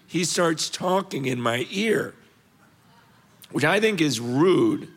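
A middle-aged man giving an earnest, animated personal story as a guest on a panel. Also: slow, a little hiss or hum. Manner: earnest, animated storytelling, rising in pitch when intense.

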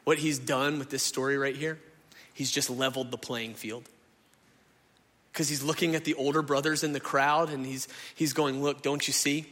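A man, preaching a sermon in a lively, conversational way and often turning to the congregation. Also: medium pitch, normal speed. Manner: animated, conversational preaching, addresses crowd as y'all. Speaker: pastor. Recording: echoey hall.

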